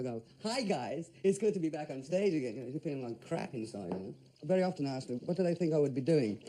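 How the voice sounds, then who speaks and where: A man's voice: mid-range voice, warm tone. A man, a veteran rock singer talking candidly in a documentary interview. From Birmingham, England. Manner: rambling, candid, lists things off.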